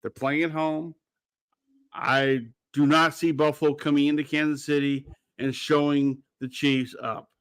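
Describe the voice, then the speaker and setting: A man running a casual sports radio show, opinionated and rambling, swearing now and then. His voice sits a touch high for a man. The studio sound is dry and close. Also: level tone, measured pace, clear, resonant tone, no echo. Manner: blunt, rambling, swears freely.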